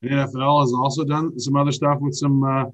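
A man's voice: mid-range voice, level tone, fast. A man with a Midwestern accent co-hosting a casual crypto news chat, joking and rambling with filler words. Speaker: co-host.

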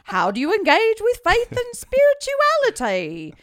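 A woman's voice: very high-pitched, wildly swooping pitch, fairly bright tone, voice pushed up, full character voice. A woman putting on a haughty British accent to play a pompous posh male interviewer asking lofty questions. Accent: haughty put-on British. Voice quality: haughty, drawn-out.

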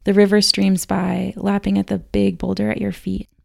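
Gravelly woman host, flat and steady, reading scripted documentary narration. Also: mid-range voice, no room sound, clean studio sound. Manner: measured storytelling reading. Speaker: podcast host.

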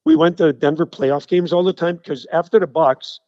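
A middle-aged man, a radio guest telling animated anecdotes in casual chat. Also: on the high side, normal speed, no echo. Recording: slightly dull, dry sound.

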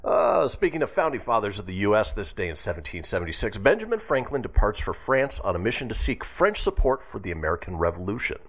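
Radio host, male, low and animated, quick with a quip while reading history notes. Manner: lively, reads history segment with quips. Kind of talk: casual radio banter.

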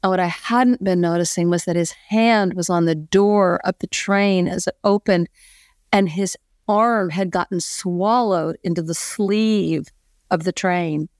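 A woman's voice: on the low side, fairly even intonation, measured pace, darkish tone, dry recording, studio quality. A middle-aged woman, a podcast guest, earnestly telling a personal story with lots of "you know" fillers.

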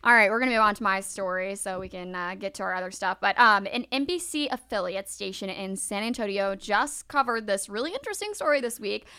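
A woman chats as a podcast co-host, animated and quick to laugh. Her voice is bright and forward. When she reads out news items she stays loose and conversational. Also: mid-range voice, clear, resonant tone. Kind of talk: casual chat.

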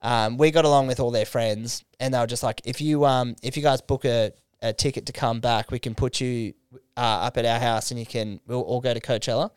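A man's voice: medium pitch, a little fast, clear, resonant tone, no echo, studio quality. A young Australian man telling a long story on a casual podcast, swearing freely and quoting whole conversations. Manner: swearing, animated retelling with quoted dialogue. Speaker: podcast co-host.

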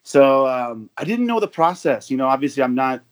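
A man's voice: medium pitch, big pitch swings, brisk. American guy rambling on a podcast, lots of likes and uhs, mid voice. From United States. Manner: rambling storyteller with many fillers and restarts. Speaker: guest, overseas football supporter. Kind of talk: casual podcast chat.

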